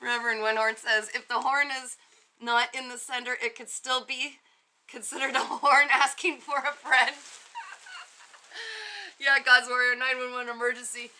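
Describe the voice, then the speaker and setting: Giggly high-voiced woman livestreaming. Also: flat delivery, moderate pace, sharp tone, a little hiss or hum. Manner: giggly, reads viewer comments aloud. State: muffled inside an inflatable costume at times. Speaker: psychic livestream host. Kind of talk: casual livestream chat.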